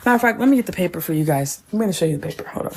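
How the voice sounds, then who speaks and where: Gravelly-voiced woman, stressed vlog clip. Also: on the low side, animated, rapid-fire, a little mellow, a little hiss or hum. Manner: stressed, nervous laughter. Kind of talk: social media vlog clip.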